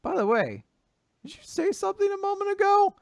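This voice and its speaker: A man voicing a gruff, blunt male captain in a brusque tone. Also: very high voice, very animated, fairly quick, no echo, clean studio sound, voice pushed up, full character voice.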